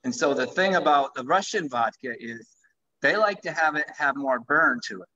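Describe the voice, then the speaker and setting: Man, vodka brand founder on a livestream, eager sales pitch, bright tone, dull lo-fi sound. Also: expressive, normal speed. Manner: enthusiastic, pitching his product. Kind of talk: live-streamed conversation.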